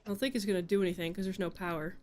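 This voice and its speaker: A woman's voice: medium pitch, steady tone, racing, darkish tone. A woman streaming a horror game, reading dialogue aloud and chatting with wry asides. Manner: chatty, wry asides between read lines.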